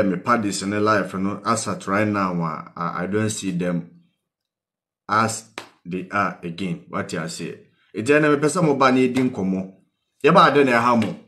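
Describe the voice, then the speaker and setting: On the low side and a bit bright, the voice belongs to a Ghanaian-accented man hosting a call-in show. He blends Twi with English, earnestly pleading and advising, and repeatedly prods his audience with "What you say?".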